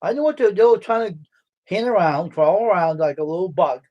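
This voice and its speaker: A gruff, blunt man, talking loosely on a livestream. His voice sits a little high for a man, and he swears without a second thought. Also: expressive, a little fast, darkish tone, lo-fi sound. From Brockton, Massachusetts. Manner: blunt, gruff storyteller who swears freely. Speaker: livestream host. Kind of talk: casual livestream chat.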